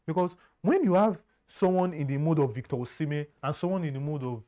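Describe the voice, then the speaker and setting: A man's voice: fairly high pitch, fairly quick, mellow. A man giving earnest football analysis, often stumbling and repeating words. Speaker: football pundit. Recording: dull lo-fi sound.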